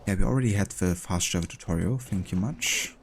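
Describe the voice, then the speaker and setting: Man, German accent, deep low voice, laid-back streamer banter, chatty. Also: brisk, noisy background. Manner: relaxed and chatty, with easy laughs. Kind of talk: casual gameplay chat with viewers.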